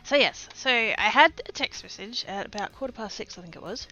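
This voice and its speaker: A woman's voice: medium pitch, animated, brisk, bright, forceful tone, highs cut off, faint music behind. A woman with an Australian accent chatting casually on a live stream, rambling, laughing often and swearing casually.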